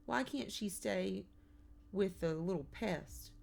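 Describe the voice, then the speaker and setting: A woman's voice: medium pitch, takes it slowly, vocal fry, a little mellow, voice pushed up. A woman reading an audiobook, voicing an argumentative, stormy boy.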